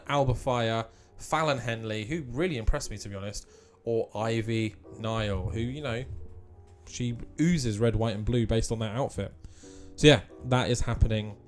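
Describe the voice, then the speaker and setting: A man's voice: mid-range voice, darkish tone. A man giving casual, offhand commentary on a wrestling game.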